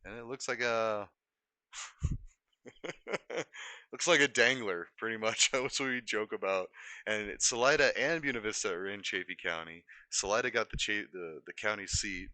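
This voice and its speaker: A man's voice: lowish voice, brisk, pushed and bright, dry recording. A young man from Colorado chatting casually on a live stream, rambling and easily sidetracked as he corrects himself. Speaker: livestreamer.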